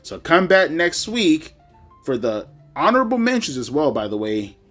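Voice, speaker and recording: A man hosting a wrestling countdown video in casual commentary, animated, often stumbling over repeated words and swearing offhandedly. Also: fairly high pitch, moderate pace, soft background music. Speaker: wrestling list video host.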